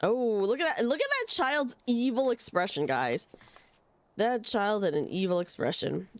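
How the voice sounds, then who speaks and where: A woman's voice: mid-range voice, very animated, moderate pace, no echo. A young woman live-streaming a game, chatting casually and giggly with her viewers. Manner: chatty, giggly, talks to chat with many restarts. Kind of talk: casual live-stream chat while playing.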